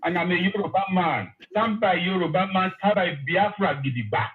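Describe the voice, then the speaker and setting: A man's voice: sits high, moderate pace. Man, phone-in caller, effusive, emotional, repeats praise, tinny phone sound. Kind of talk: phone-in call.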